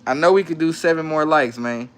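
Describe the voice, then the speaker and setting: Young guy on a phone live stream at home, slangy and laid-back, kinda higher voice, laughs a lot. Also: a little fast, smooth. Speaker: livestream host. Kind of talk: casual live stream chat reading comments.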